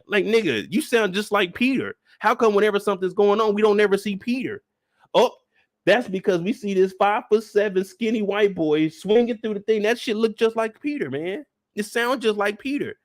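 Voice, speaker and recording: A man delivering an animated, profane, exasperated comedic rant. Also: high voice, brisk, no echo, clean studio sound.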